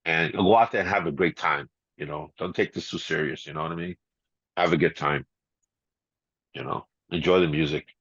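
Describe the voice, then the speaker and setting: A middle-aged man, a guest DJ, telling stories in a casual interview, laid-back and quick to laugh, full of "you know" and "man". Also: a bass voice, fairly bright tone, breathy edge, no room sound. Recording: slightly dull, muffled audio.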